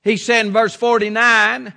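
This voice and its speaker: A man preaching a sermon as pastor, slow and deliberate, repeating his phrases. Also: sits high, little pitch movement, creaky, pushed and bright, big-room sound.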